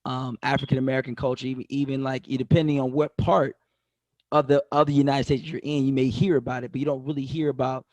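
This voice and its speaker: A man's voice: medium pitch, level tone, fast talker, darkish tone, no echo, muffled recording. A man hosting an interview show, talking in long emphatic runs with many restarts. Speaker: show host. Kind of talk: conversational interview.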